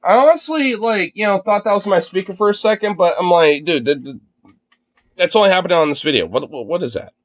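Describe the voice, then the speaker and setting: A man's voice: high voice, animated, a little fast. A young man live-streaming his reaction to a video, talking casually with incredulous exclamations and lots of swearing.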